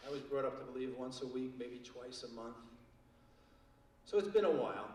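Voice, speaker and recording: This older comedian has a mid-range voice and a moderate pace as he works through a stand-up set of wry tales with crude payoffs. Captured from far back in an echoey theater, the clip has slight background noise and a loud audience.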